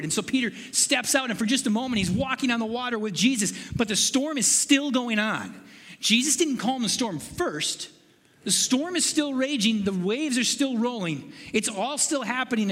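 A man preaching with a high, light voice that rings through a reverberant hall. He speaks earnestly and piles up questions with growing urgency. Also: a bit bright, husky. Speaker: pastor. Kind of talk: sermon.

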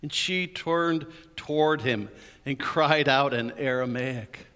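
A man's voice: medium pitch, takes it slowly, bright, forceful tone, clear, resonant tone. A man preaching an Easter sermon in a church, telling the story with animation and playful asides. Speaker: pastor. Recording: hall reverb.

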